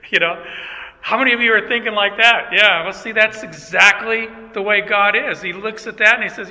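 A man's voice: high voice, a little fast, bright, forceful tone. An older man preaching a sermon in a church, casual and joking, talking directly to his congregation. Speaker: pastor. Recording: long church reverb.

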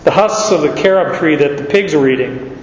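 A pastor giving an expository sermon in a conversational way, explaining with asides and repeating words as he goes. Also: fairly quick. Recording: echoey hall, dull sound, faint rumble.

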